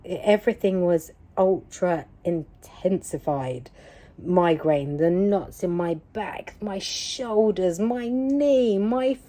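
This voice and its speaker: A woman recounts a personal experience in a loose, chatty vlog style. Her voice is mellow and a little low, and she leans on repetition for emphasis. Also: slow pace. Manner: emphatic, repetitive, animated retelling. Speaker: vlogger. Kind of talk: casual personal storytelling.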